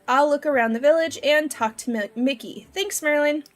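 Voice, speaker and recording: A woman's voice: high voice, moderate pace. A young woman chatting casually on a game live stream, giggling often and wandering off on tangents.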